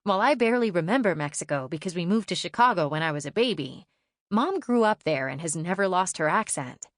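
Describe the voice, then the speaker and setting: A woman reading a children's audiobook aloud in first person, lively and expressive storytelling. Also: lowish voice, fairly quick, no echo, clean studio sound. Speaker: audiobook narrator.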